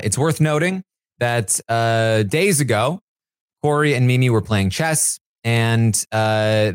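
A man's voice: fairly low pitch, smooth, no room sound, studio quality. A man hosting a casual solo recap, talking loosely with many fillers and restarts. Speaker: live feed recap host.

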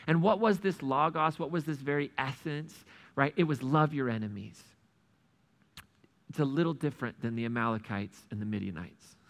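A man preaching a sermon, retelling a parable with lively acted-out dialogue. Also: fairly high pitch, a little fast, hardly any pauses. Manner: animated storytelling, acts out the characters' lines. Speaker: pastor.

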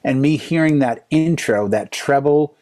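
A man in his fifties, a DJ, telling animated stories in a casual conversation and acting out other people's lines. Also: mid-range voice, measured pace. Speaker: DJ and podcast co-host. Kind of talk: casual chat.

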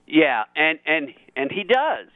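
Guy calling into a radio show, kinda high voice, gets all worked up, tinny phone sound. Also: takes it slowly, no room sound. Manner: animated, grows excited and high when making a point. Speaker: radio show guest, author. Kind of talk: call-in radio discussion.

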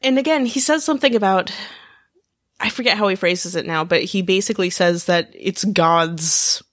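A woman's voice: medium pitch, a bit bright, no room sound, clean studio sound. Blunt woman recapping a TV episode. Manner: blunt, emphatic, quick asides. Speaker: podcast co-host. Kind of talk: casual TV recap chat.

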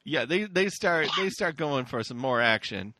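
A man chats through a movie recap with a lively, swinging pitch and a bright tone. He talks slowly and jokes a lot, close to a dry microphone. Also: no echo. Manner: jokey, laughs often, does mocking voices. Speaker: podcast co-host. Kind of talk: casual movie recap chat.

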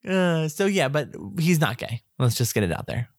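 A woman's voice: low voice, animated, normal speed, a little mellow, dry recording, clean studio sound. A woman with a Southern US accent, an audiobook narrator, chatting playfully and laughing often. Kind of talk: casual chat.

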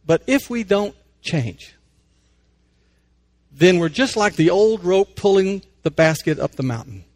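High-voiced man giving a faith talk. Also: animated, darkish tone. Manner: conversational, unhurried, tells a story then reflects. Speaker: radio host and life coach. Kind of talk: faith-based inspirational radio talk.

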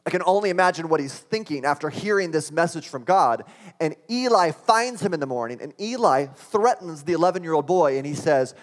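A man's voice: a little high, animated, a little fast. A man preaching a sermon, earnest and building to impassioned exclamations. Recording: long hall reverb.

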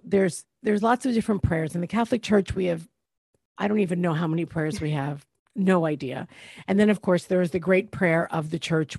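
A woman's voice: lowish voice, vocal fry, husky, no room sound. A woman hosting a faith podcast, reflecting aloud and asking her guest questions. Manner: reflective, teacherly, asks questions. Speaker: podcast host.

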